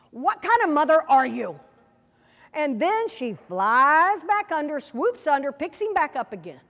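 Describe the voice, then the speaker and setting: A woman presenting a seminar workshop in a lively way, often asking the audience questions, recorded with a long hall reverb. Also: high-pitched. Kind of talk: teaching a workshop.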